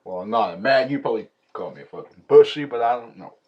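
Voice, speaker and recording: A man's voice: mid-range voice, expressive, fast, a little mellow. A man prank calling in a put-on Southern hillbilly accent, sounding timid and apologetic. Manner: mock-timid, apologetic, mumbling. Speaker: prank caller. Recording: dull lo-fi phone audio.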